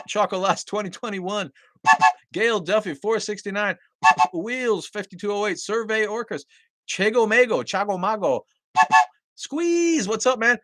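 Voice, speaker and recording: A man hosting a casual livestream from home, greeting viewers loudly, coughing often and swearing casually. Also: a little high, no room sound. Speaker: livestream host. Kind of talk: casual livestream chat reading viewer comments. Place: at home with a dog nearby.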